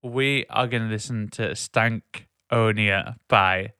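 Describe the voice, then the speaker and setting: A man's voice: fairly low pitch, steady tone, slow, bright, forceful tone, clean tone, dry recording, studio quality. A man hosting a casual podcast chat, playful and teasing, laughing often. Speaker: podcast host.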